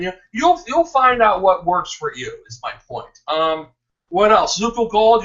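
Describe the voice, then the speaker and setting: An excited man rambles through a promotional pitch, laughing and tripping over his words. His voice sits high and bright. He sounds far from the mic on a dull, lo-fi recording. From Ohio. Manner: hyped, rambling, laughs a lot, restarts. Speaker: network marketing promoter.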